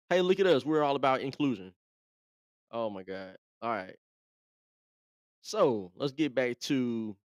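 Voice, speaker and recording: A man's voice: medium pitch, a little mellow, clear, resonant tone, dry recording, studio quality. A man hosting a live show, talking in a laid-back, chatty way and often repeating himself. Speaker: host. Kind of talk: casual live commentary.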